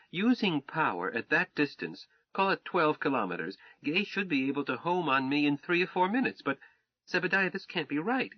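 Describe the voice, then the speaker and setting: A man's voice: a little high, no echo, voice pushed up. A man reading a math-minded young wife in an audiobook, earnest and precise as she recites calculations, on a dull, dry recording. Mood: puzzled.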